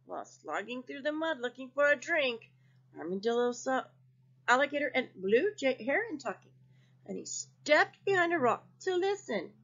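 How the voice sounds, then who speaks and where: Expressive woman reading a story to kids. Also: high-pitched, moderate pace. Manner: expressive, asking questions to young listeners. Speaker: children's story reader. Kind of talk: reading aloud to children. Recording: dull lo-fi recording.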